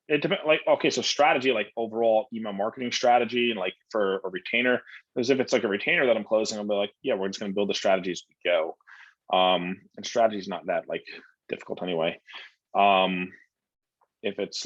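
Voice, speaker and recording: A deep, husky man talks through student questions in a loose, blunt coaching style, full of "like" and "um". His voice sounds dry and a little dull, as if recorded on a modest mic with no room around it. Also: fairly bright tone, no echo. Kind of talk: casual Q&A coaching talk.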